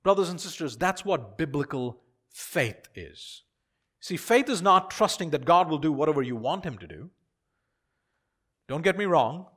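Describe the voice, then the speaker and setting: A man preaching a sermon as pastor, swinging from hushed to loud and repeating key lines for emphasis. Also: fairly high pitch, lively intonation, normal speed.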